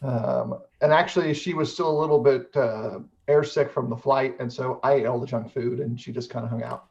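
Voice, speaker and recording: A middle-aged man hosting a casual chat, speaking in a measured way with frequent hesitations. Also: mid-range voice, fairly even intonation, a little mellow. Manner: measured, many "uh" fillers. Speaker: host. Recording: dull lo-fi audio.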